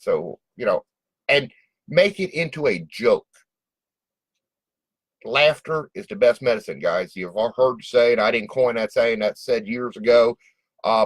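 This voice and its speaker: A man's voice: mid-range voice, dry recording, rough recording. A man giving casual, direct business advice and acting out customer phone calls in a folksy way. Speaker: small business coach.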